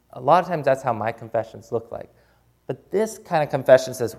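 Male preacher, mid-pitched voice, plain everyday sermon delivery, acts out prayers in a hushed voice. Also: very animated, moderate pace. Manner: acts out quoted prayers, voice dropping soft for them; plain, informal, with repeated restarts. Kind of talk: conversational sermon.

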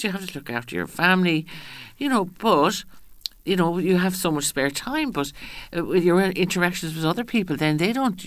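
A woman's voice: low-pitched, no room sound. A woman, speaking as a guest in a radio interview. She talks in a chatty way, often restarts her sentences and acts out the voices she quotes.

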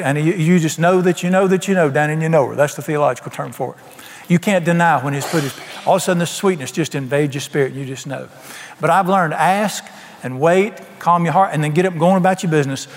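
Folksy preacher, hall echo. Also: male voice, fairly high pitch. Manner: folksy, colloquial preaching with sudden soft drops. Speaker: pastor. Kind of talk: sermon. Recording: long hall reverb.

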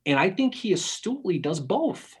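Man, husky, animated, analytical, casual podcast history talk. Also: high voice, moderate pace. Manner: animated, analytical, many restarts. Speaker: podcast co-host.

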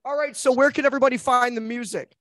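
High-voiced, excitable, swearing man host. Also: fast, no room sound. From United States. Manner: excitable, profane, laughs often. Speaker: podcast host. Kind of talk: casual chat.

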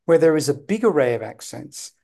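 A man with a mellow, warm tone interviews his guest in an easy, conversational way. He speaks in long, winding sentences, drifting into wry asides before he reaches his point. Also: a little high, sing-song, fairly quick, creaky.

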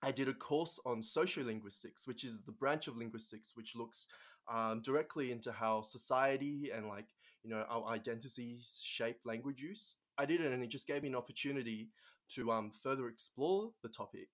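A man's voice: mid-range voice, normal speed. A young man from Australia with an Australian accent, telling a story as a guest in casual conversation, chatty with many fillers.

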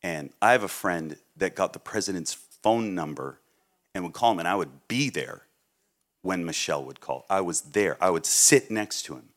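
A middle-aged man from Massachusetts, a guest preacher telling stories in a sermon, swinging between loud outbursts and quiet asides. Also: deep voice, lively intonation, moderate pace. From Massachusetts, USA. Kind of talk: sermon with storytelling.

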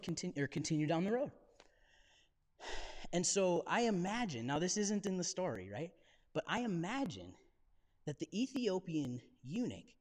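Guy pastor giving a chatty sermon, high voice bouncing all over, cracking little jokes, long echo of a church hall. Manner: casual, jokey storytelling with slang. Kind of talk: conversational sermon.

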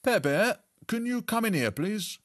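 A man co-hosting a comedy podcast, playing a deadpan interviewer. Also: sits high, unhurried, a little hiss or hum.

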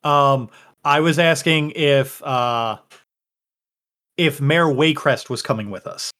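A man's voice: on the high side, slow pace, a bit bright. A man running a tabletop game over a voice call, laughing as he keeps slipping into a put-on country drawl. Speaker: game master. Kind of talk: out-of-character banter in an online tabletop game.

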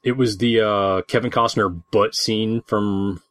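A man's voice: lowish voice, fairly even intonation, unhurried, a bit bright. A man hosting a podcast, making brief, dry asides in a casual chat about movies. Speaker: podcast host.

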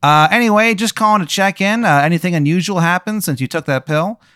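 A perky corporate caller keeps her tone sweet and scripted, as a man plays her. His voice is lifted well above his normal speaking pitch. The delivery has an upbeat customer-service politeness. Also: fast talker, bright, forceful tone, smooth, no echo, clean studio sound. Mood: chirpy. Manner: overly cheerful phone-call politeness. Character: chirpy female corporate caller.

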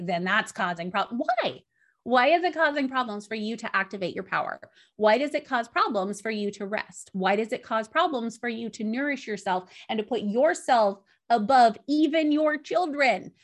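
Candid higher-voiced woman telling stories. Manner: candid, storytelling, acts out dialogue. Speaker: podcast guest. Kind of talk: casual chat.

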